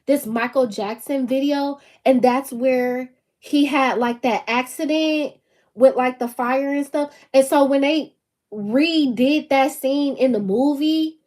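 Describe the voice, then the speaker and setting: A woman's voice: sits high, slow, darkish tone. A woman, hosting her own channel and talking casually and emphatically to camera, laughing often. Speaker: channel host.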